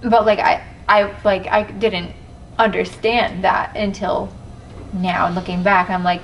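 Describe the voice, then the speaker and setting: A woman's voice: medium pitch, level tone, measured pace. A woman guest on a podcast, talking candidly and joking now and then in casual chat. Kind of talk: casual conversation. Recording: distant mic with faint background noise.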